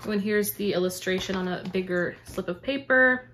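A woman's voice: medium pitch, moderate pace, fairly bright tone. A young woman from Canada chatting casually to camera on her book channel, gushing and effusive as she opens birthday gifts. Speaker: book vlogger. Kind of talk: casual unboxing chat to camera.

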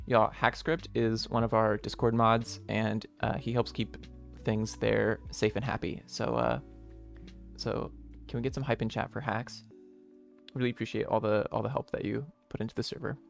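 Creaky-voiced friendly male streamer. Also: on the low side, level tone, normal speed. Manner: upbeat, friendly, greets viewers one by one. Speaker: streamer and game developer. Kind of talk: casual live-stream chat with viewers. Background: faint lo-fi music.

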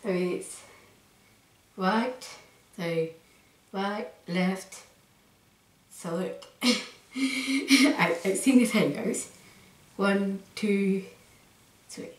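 A woman chatting casually to camera as a vlogger, giggling between phrases and rambling excitedly. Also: mid-range voice, extremely slow, pauses often. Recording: roomy echo.

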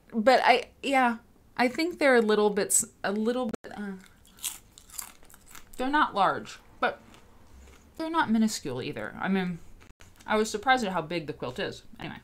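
A woman's voice: on the high side, very animated, moderate pace, pauses often. A woman hosting a casual livestream, chatty and rambling, greeting viewers in the chat by name. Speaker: host.

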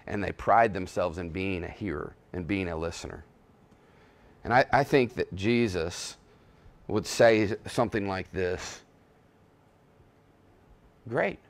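A man preaching a sermon as pastor, swinging between hushed and loud, emphatic passages, often restarting his words. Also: lowish voice. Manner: frequent self-restarts and repetitions.

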